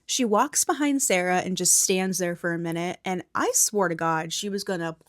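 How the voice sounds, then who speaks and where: A young woman hosts a soft-spoken ASMR movie recap, shifting between a quiet voice and breathy whispers while giving casual, frank commentary with some swearing. Her voice is fairly low and moderately paced, and the recording is close and dry with no room sound.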